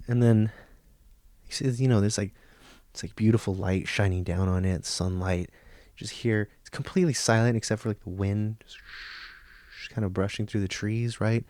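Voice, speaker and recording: A man in his thirties hosting a podcast, delivering a profane comic monologue that swings from hushed nature-documentary whispers to loud rants. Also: lowish voice, fairly even intonation, unhurried, long pauses, no room sound. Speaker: podcast host. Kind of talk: comedic monologue.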